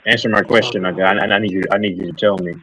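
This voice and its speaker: Casting: low-pitched man, loose rambling stream banter, jokes with chat. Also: fairly even intonation, very fast, sharp tone, slight background noise, rough recording. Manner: rambling, joking, reads and answers chat. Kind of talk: casual live stream chat.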